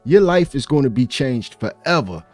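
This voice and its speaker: A man's voice: medium pitch, expressive, moderate pace, a little mellow, dry recording, soft background music. A man hosting a reaction video, chatting loosely and casually and often saying "man". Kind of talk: casual commentary.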